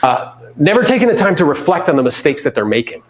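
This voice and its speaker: A man coaching real estate agents in a live seminar, animated, acting out quotes and swearing casually. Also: on the high side, fast talker, a little hiss or hum. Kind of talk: live seminar talk to an audience.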